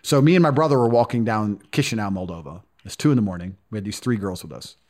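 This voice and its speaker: A man's voice: fairly low pitch, lively intonation, fast talker, darkish tone. A man telling stories as a podcast guest in a blunt, profane, casual way. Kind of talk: casual storytelling.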